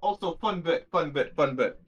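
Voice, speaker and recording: A man chatting casually as a podcast co-host, relaxed and hesitant with many fillers. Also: fairly high pitch, normal speed, slightly rough, lo-fi sound. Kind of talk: casual chat about anime.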